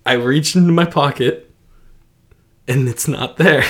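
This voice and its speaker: A man's voice: medium pitch, a little slow. A young man telling a story with lots of laughs on a casual podcast. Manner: animated, laughs often, lots of "like" and "dude". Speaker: podcast co-host.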